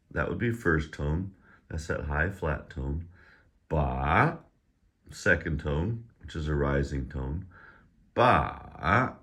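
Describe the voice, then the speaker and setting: A man's voice: extremely low pitch, fairly bright tone. A man teaching a pronunciation lesson. He drills syllables one by one in a raised voice, then explains them in a plain conversational tone. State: slightly out of breath. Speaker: language teacher.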